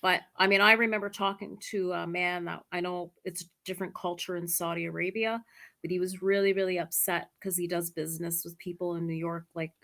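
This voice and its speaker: Bright-voiced chatty English teacher woman. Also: lowish voice, fairly even intonation, a little fast, creaky. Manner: chatty, laughs easily, many "like"s. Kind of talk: online English lesson conversation. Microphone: computer mic on a video call.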